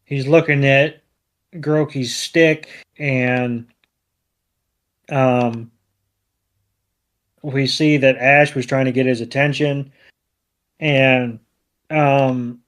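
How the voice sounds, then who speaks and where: A man co-hosting a podcast, retelling a cartoon episode in a relaxed way with many fillers. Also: medium pitch, drawn-out words, pauses often. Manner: laid-back, lots of ums and you-knows. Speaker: podcast co-host. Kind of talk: casual episode recap.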